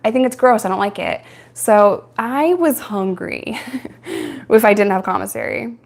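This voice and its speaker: A young adult woman from New York hosts a casual live-stream Q&A, answering viewer questions. Her gravelly voice sits at medium pitch and moves at a normal speed as she tells stories frankly, laughing often.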